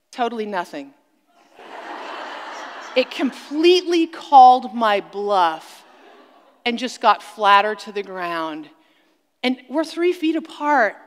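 A woman speaker telling a dramatic story and preaching on stage, with emphatic exclamations, heard through a stage sound system in a large hall. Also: mid-range voice. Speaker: conference speaker. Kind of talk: sermon-like storytelling talk. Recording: long reverb of a large hall.

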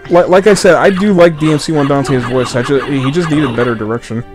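A man's voice: on the high side, brisk. A man hosting a video game playthrough, chatting casually and rambling with restarts and laughs. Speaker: host. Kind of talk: casual gameplay commentary. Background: game music.

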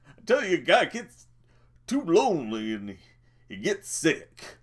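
A man's voice: fairly high pitch, wildly swooping pitch, a little slow, a bit bright, pitched above the performer's own voice, exaggerated voice. Man voicing a bitter lonely stable hand, drawling stammered talk, brooding. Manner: drawling, stammered rural speech.

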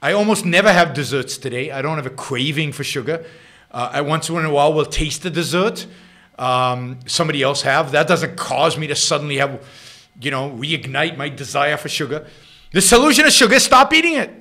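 A man's voice: on the high side, animated, a little fast, pushed and bright. A middle-aged man with an Israeli accent hosting his own show, answering listener questions in emphatic, unscripted commentary full of repeats and restarts.

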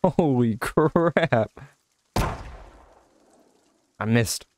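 A young man giving casual let's-play commentary, excitable, exclaiming and chatting to an in-game companion. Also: mid-range voice, extremely slow, background noise. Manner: excitable, talks to companion character, frequent laughs and exclamations. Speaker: gaming channel host.

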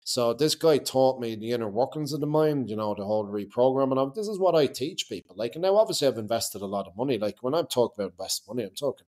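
Man, forties, podcast guest; blunt, profane, laughs through hard memories, middle pitch. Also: animated, quick pace, hardly any pauses, darkish tone. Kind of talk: candid conversational storytelling.

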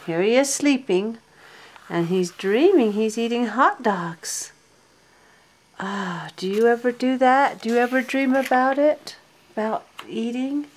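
An older grandmother reads a bedtime picture book at an unhurried pace, her voice rising and dipping in a sing-song way. She coaxes gently and keeps turning to the child with little questions. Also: medium pitch, expressive. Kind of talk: reading a picture book aloud.

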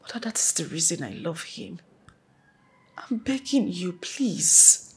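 A woman's voice: lowish voice, sing-song, a little slow, breathy edge, full character voice. A young woman playing a headstrong daughter who argues and pleads emotionally. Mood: pleading. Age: young adult.

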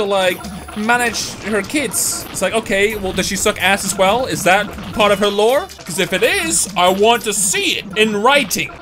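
A man's voice: high-pitched, fairly bright tone. A young man giving gameplay commentary, ranting, swearing and joking about his losses. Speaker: game commentator.

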